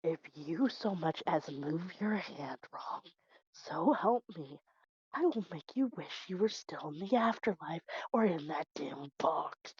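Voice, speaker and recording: Furious male warrior, as a woman puts him on, hushed threats, dry dull lo-fi mic. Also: sits low, animated, slow pace, breathy edge, no room sound, heavily acted. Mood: seething.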